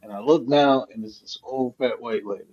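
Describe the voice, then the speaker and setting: A man's voice: mid-range voice, a little fast, slightly rough. Man telling a story, lo-fi audio. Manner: animated, profane storytelling. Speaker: host. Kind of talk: casual storytelling chat. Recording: dull lo-fi stream audio.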